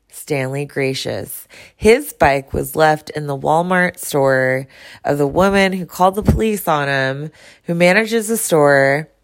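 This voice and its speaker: A woman with a notably low voice, speaking her mind in an unscripted solo vlog. She is blunt and outspoken and swears without holding back. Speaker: vlogger. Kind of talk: casual personal monologue to camera.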